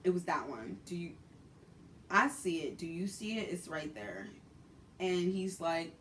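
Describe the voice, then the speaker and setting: Animated Brooklyn woman telling a story. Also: fairly low pitch, a little slow, pauses often, far from the mic, a little hiss or hum. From Brooklyn, New York. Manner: animated, profane, dramatic storytelling. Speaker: vlogger. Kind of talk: storytime vlog.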